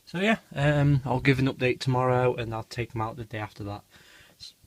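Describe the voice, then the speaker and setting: A tarantula keeper narrates his feeding vlog briskly in a medium-pitched voice, captured in a dry recording. He's casual and rambling with lots of ums, and drops his voice close to the animals.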